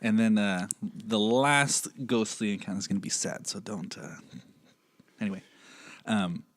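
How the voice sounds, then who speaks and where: A man guesting on a casual podcast, calmly recounting odd happenings at home. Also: lowish voice, measured pace, dry recording. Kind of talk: casual storytelling chat.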